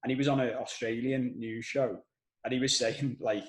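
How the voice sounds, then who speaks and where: A man with a Scouse accent hosting a podcast, telling stories in an animated, casual way and swearing now and then. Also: medium pitch, moderate pace, roomy sound, poor audio. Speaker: podcast host. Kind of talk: casual conversational podcast chat.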